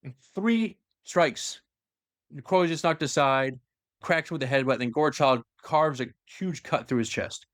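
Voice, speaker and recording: At a normal speed and in a mid-range voice, the podcast host casually takes his co-host through a long tale of lore, animated throughout, performing quoted lines and sprinkling in frequent fillers. Studio quality, with no echo.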